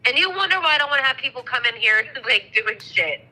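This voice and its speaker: A woman's voice: sits high, lively intonation, quick pace, sharp tone, slight background noise, rough recording. A woman in her thirties casually telling a story, chatty, swearing freely and acting out the dialogue. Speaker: mother telling a ghost story.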